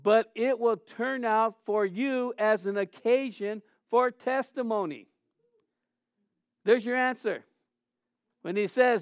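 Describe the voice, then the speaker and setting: A middle-aged male pastor preaching a sermon in an animated way, asking the congregation questions and acting out quoted voices. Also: high-pitched, unhurried, smooth, no room sound, highs cut off. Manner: acts out quoted voices in asides.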